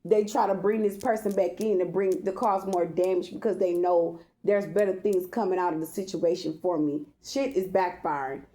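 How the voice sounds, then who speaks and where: A woman's voice: on the low side, steady tone, normal speed, few pauses, warm tone. A woman speaking bluntly in a personal monologue, with profanity and slang.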